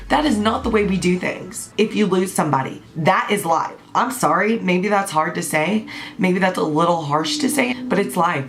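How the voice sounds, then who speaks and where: A woman, giving a blunt, passionate, unscripted rant to camera, swearing freely. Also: mid-range voice. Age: 20s. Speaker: vlogger.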